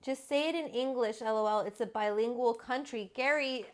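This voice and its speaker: Woman, from Alberta, cooking show host, chatty and rambling, casual swearing, fairly high voice, home kitchen. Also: normal speed. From Alberta, Canada. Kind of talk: casual cooking livestream chat.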